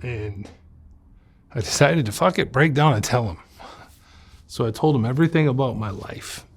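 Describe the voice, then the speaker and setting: A man's voice: medium pitch, lively intonation, normal speed, breathy edge. A man in a sit-down interview, candidly telling his life story in blunt, profane language. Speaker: interview guest.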